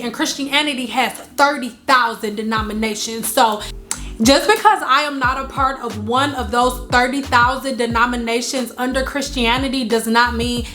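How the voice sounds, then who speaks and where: A married woman talking casually to her viewers about spirituality, emphatic and repeating her points for stress while telling her own stories. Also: a little high. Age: adult, married. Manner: emphatic, repeats lines for stress, animated storytelling. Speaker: spiritual vlogger. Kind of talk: casual spiritual talk to camera.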